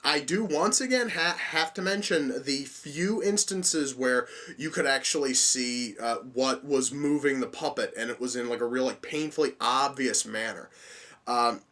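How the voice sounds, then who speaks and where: A man's voice: medium pitch, moderate pace, a bit bright. A young man giving a casual spoken movie review, swearing freely and rambling through frequent restarts. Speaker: film reviewer.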